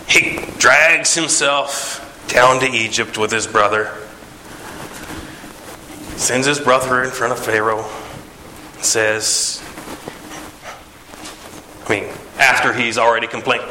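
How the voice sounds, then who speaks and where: A man retelling a Bible story in a casual, animated way, acting out the characters with sighs and jumps in pitch. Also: slow, pauses often, slight background noise. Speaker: preacher. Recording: echoey room.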